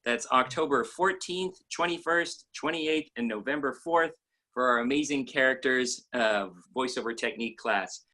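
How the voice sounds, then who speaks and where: An upbeat male host with a bright, forceful voice at an ordinary pitch for a man. He talks eagerly, stacking up "like" as he promotes upcoming classes. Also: moderate pace. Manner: eager and upbeat, with many likes. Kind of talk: enthusiastic interview hosting.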